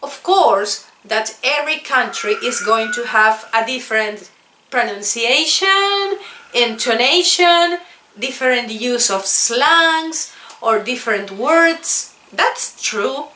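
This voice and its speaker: Slow, bright-voiced woman teacher, echoey. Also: fairly high pitch, expressive. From South America. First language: Spanish. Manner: earnest, repeats points for emphasis. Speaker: English teacher. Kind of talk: casual video lesson. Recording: echoey room.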